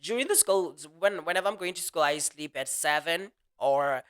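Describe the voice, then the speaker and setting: A speaker hosting a motivational audio talk in a casual, earnest monologue, talking quickly and restarting sentences often. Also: medium pitch, clear, resonant tone. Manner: quick, animated speech with frequent restarts; earnest and reflective.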